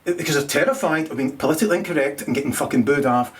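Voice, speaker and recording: A middle-aged man rambles through a crude comic monologue. He swears freely, trips over his own restarts and chuckles at his jokes, his voice sitting a touch high for a man. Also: racing. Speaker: comedian.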